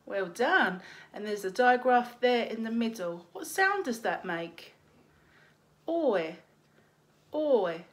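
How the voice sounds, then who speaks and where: A woman teacher leading a phonics lesson for young children, slowly sounding out letters and praising them. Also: a little high, animated, fairly bright tone. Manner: slow, encouraging, sounds out letters.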